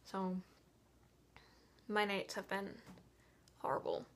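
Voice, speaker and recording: Young woman vlogger, exhausted, hushed half-whisper, rambling frustrated venting. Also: mid-range voice, sing-song, slow, a little hiss or hum. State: tired. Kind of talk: casual vlog monologue.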